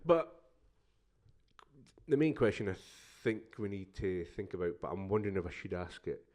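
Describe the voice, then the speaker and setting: A man's voice: low voice, animated, moderate pace, darkish tone. A man co-hosting a podcast, joking and teasing in casual banter. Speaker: podcast co-host.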